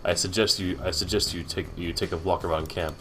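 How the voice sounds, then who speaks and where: Male game master, lowish voice, restarts phrases often, soft music under. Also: steady tone. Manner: halting, repeats words while narrating. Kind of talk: narrating a tabletop game.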